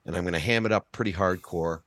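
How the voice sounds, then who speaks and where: A man playing a tabletop game, thinking aloud in a relaxed way as he plans his moves. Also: sits low, fast, dry recording. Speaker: player.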